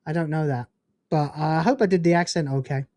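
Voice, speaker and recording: A man's voice: on the high side, fairly quick, a little mellow, no room sound, clean studio sound. A man hosting a casual livestream, ranting in a profane, incredulous way and reading out donations. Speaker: livestream host.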